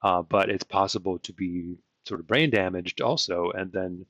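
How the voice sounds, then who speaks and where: A man teaching in a loose, rambling lecture, often checking in with "okay?" and pausing on fillers. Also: low-pitched, a bit bright, no room sound. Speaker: occult teacher. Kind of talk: casual lecture to camera.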